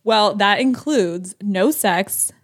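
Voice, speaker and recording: A young woman co-hosting a podcast, chatting casually with a friend, swearing freely and rushing through stories. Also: medium pitch, husky, dry recording, studio quality. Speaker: podcast co-host. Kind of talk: casual chat.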